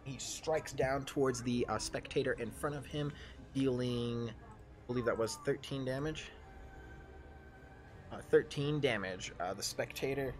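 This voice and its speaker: A man's voice: mid-range voice, a little slow, music in the background. Hesitant man running a tabletop game. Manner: hesitant, many fillers, apologetic. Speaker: game master.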